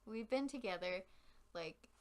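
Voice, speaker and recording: A woman's voice: mid-range voice, a little slow. A young woman co-hosting a casual podcast, chatting and telling stories with lots of giggles. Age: young adult. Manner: giggly, animated storytelling. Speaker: podcast co-host. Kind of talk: casual chat.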